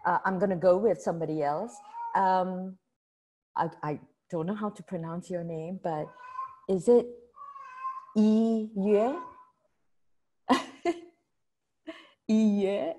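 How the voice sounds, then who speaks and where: A middle-aged woman guides a workshop on a video call. Her voice is lowish and mellow, and she talks participants through their answers with a friendly, teacherly rhythm. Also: normal speed, a little hiss or hum. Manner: summarizes points, prompts participants by name. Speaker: workshop facilitator. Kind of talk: online workshop discussion.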